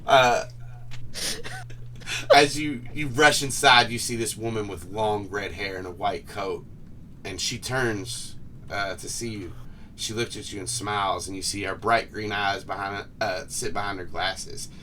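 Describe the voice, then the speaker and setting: A man narrating a tabletop game as game master, relaxed and hesitant, recorded on a distant mic with faint noise. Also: fairly low pitch, measured pace. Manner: laid-back, hesitant narration with fillers.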